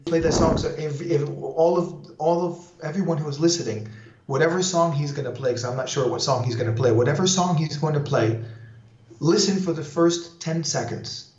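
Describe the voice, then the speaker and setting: A man teaching salsa timing in a live online lesson, explaining at length and singing bass lines and beat counts aloud. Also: moderate pace, darkish tone, roomy sound, dull audio, a little hiss or hum. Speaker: salsa dance instructor.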